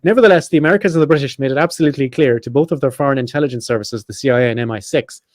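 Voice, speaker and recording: A man hosting a podcast, reading a prepared script quickly with chatty asides and self-corrections. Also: medium pitch, a little mellow, no echo, clean studio sound. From Ireland. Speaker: podcast host.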